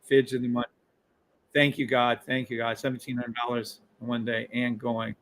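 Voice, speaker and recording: A middle-aged man streaming live trades, hyped up, yelling and swearing, repeating hype phrases over and over. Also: medium pitch, little pitch movement, normal speed, poor audio. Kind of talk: live-stream trading commentary.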